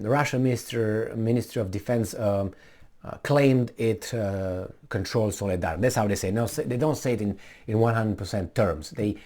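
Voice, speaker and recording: A man giving a casual commentary for a video, sarcastic and rambling, with many fillers and false starts. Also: fairly low pitch.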